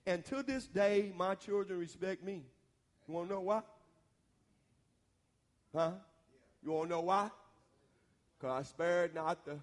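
High-voiced folksy preacher man. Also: unhurried, long pauses. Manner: folksy, laughing often, asks the congregation questions. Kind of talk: sermon.

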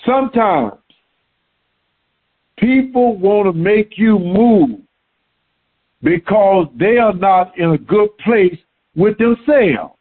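A man preaching a sermon in an animated way, repeating words for emphasis. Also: high voice, slow, pauses often, husky. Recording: tinny phone-like sound.

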